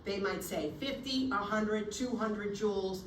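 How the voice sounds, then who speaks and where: Woman, nursing instructor, animated and theatrical, roomy classroom recording, distant mic. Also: mid-range voice, measured pace, slight background noise. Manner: animated, theatrical, acts out scenarios. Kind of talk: classroom lecture. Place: lecture room. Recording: echoey room, recorded from afar.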